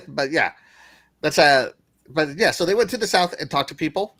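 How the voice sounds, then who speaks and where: A man hosting a casual gaming news chat, his pitch jumping around animatedly as he rambles and chuckles between points. His voice sounds dry and close, with no room around it. He is a young adult with a loose, talkative delivery. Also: animated, normal speed, bright, forceful tone, dry recording. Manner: chatty, rambling, laughs often. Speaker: gaming news show host.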